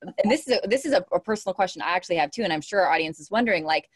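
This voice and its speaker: A woman hosting a podcast, her voice pitched a little low. She talks enthusiastically, affirming her guest and winding her way through long questions. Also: animated, racing, slightly rough. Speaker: podcast host. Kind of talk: interview conversation.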